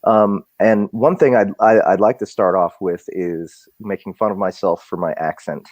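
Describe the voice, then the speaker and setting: A man's voice: lowish voice, fairly even intonation, normal speed, darkish tone, no room sound, highs cut off. A man in casual live-stream chat, rambling and self-deprecating, with many restarts. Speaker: audiobook narrator and guest.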